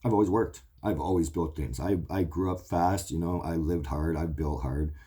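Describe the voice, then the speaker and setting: A man's voice: low-pitched, moderate pace, mellow, slightly rough. A man in his forties hosting his own show, talking in a blunt, profane, emotional rambling monologue. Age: 40s. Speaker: show host.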